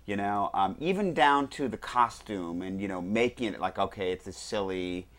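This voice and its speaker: A man's voice: fairly low pitch, expressive, normal speed, a bit bright. A man co-hosting a podcast, talking enthusiastically and filling his speech with "you know" in casual chat. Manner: enthusiastic, filler-heavy, lots of "you know". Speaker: guest co-host.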